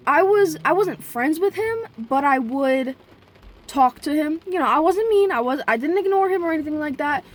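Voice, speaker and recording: Chatty young woman with a high voice. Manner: rambling, chatty, with sudden profane outbursts; talks straight to her viewers. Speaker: vlogger. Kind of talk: casual storytelling vlog.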